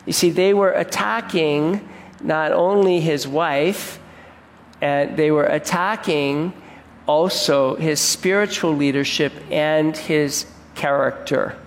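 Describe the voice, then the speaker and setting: Male pastor, slightly high voice, earnest sermon delivery with restarts, long hall reverb. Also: slow pace, slight background noise. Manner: earnest, repeats and restarts words, asks the congregation questions.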